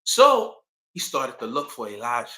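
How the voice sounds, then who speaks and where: Bright-voiced man telling history casually. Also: a little high, moderate pace. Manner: slangy, animated, acts out quotes. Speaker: channel host. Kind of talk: casual storytelling history talk. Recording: echoey room.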